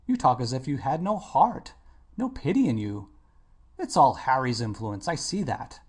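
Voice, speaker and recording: A man's voice: medium pitch, big pitch swings, normal speed, darkish tone, breathy edge. A man reading an audiobook, voicing an anxious, earnest older male painter who talks in a pleading, reproachful way. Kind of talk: audiobook character voice.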